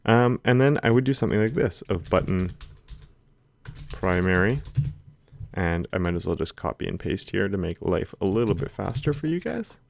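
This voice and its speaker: A man teaching a screen-recorded coding lesson, calmly talking through the code as he types it. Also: sits low, fairly quick, creaky, hardly any pauses. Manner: relaxed, talks while typing code. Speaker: coding instructor. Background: keyboard typing.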